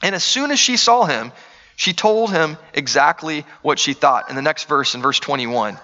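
A man's voice: fairly high pitch, animated, moderate pace, pushed and bright, in a large hall, lo-fi sound. A man preaching a sermon, earnest and conversational, asking the room rhetorical questions. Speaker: pastor.

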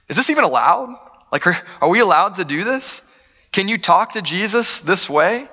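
A man's voice: sits high, lively intonation, normal speed, bright, forceful tone, in a large hall, muffled recording. A man preaching a sermon, earnest and conversational, asking the room rhetorical questions. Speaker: pastor.

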